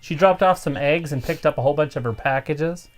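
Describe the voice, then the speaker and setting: A man's voice: on the high side, brisk. A man co-hosting a live stream in casual chat, joking and teasing his co-host.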